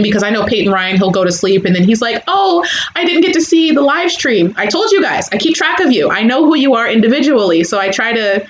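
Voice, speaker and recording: A chatty young woman hosts a live stream, talking to her viewers in a casual way. The recording is a little dull and roomy, with a faint hiss behind her. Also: mid-range voice. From California, USA. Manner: chatty, animated, reads out viewer comments. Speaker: YouTuber hosting a live stream.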